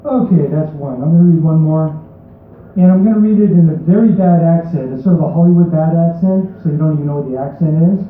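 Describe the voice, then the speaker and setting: A man reading his poems aloud at a live event, with halting, filler-heavy asides between the pieces. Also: fairly high pitch. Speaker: poet. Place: bar venue at a live reading. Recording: very echoey, distant, phone-like sound.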